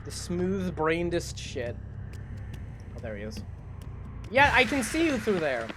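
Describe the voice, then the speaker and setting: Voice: mid-range voice, wildly swooping pitch, a little slow, background noise. A streamer giving casual live gaming commentary, chatty, self-mocking and swearing freely.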